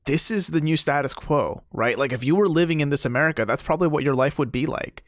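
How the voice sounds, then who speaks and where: A young man co-hosting a podcast, recapping a game's story in a relaxed way with lots of fillers. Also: a little high, quick pace, no echo, clean studio sound. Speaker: podcast co-host. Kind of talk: casual game discussion.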